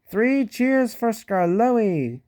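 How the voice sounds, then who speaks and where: A man's voice: very high-pitched, very animated, extremely slow, warm tone, pitched above the performer's own voice, exaggerated voice. A man voicing a proud railway owner giving a cheerful little speech in a storybook reading.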